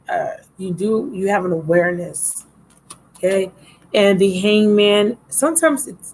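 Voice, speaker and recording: A woman's voice: mid-range voice, rough recording. A woman giving a casual live tarot reading, chatty and affectionate with viewers, a little drowsy, recorded on a laptop mic. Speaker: tarot reader. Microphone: laptop microphone.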